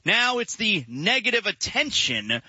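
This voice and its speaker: A man's voice: high-pitched, sing-song, unhurried, bright, forceful tone, breathy edge, no echo. A man hosting a sports radio show in casual chat, rambling and restarting his sentences. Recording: dull lo-fi broadcast sound.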